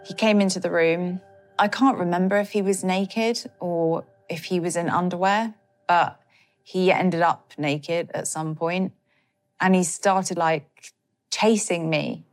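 A woman recounting a personal ordeal in an interview, her voice a little low. She speaks haltingly, with many fillers and emotional strain. Soft music plays quietly beneath her. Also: steady tone.

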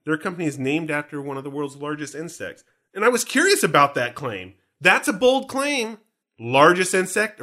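A man with a bright, forceful voice pitched a little high hosts a casual fan podcast. He jokes and teases his co-host in loose, animated banter. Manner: joking, teasing, animated.

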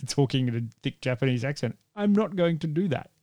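A man's voice: a little high, expressive, fairly quick, dark tone, no echo. A man hosting a casual film review podcast, joking around and laughing often between rambling asides. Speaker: podcast host.

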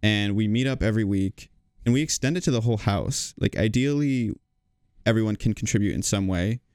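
A man's voice: fairly low pitch, a little fast, darkish tone, clear, resonant tone, no echo, clean studio sound. A male medical student explaining house rules in a friendly, plain way. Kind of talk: casual explanation.

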